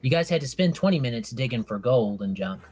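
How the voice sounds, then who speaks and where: A man running a tabletop game as game master, his pitch sitting in an ordinary middle range. He talks through the scene at a measured pace, lingering on the details. The voice is clear and dry. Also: expressive, darkish tone. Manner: measured descriptive narration, slows on scene details.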